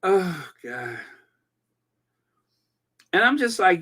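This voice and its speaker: A man hosting a live-stream commentary, reading viewer comments aloud in an animated, gossipy way. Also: on the high side, slow. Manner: animated and gossipy, breaking into laughter. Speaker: channel host.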